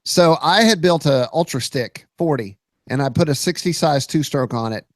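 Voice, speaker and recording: Male podcast host, lively storyteller, bursts of shouting, bright-pitched, dry studio sound. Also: normal speed, no echo. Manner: excitable, shouts sound effects and quoted voices.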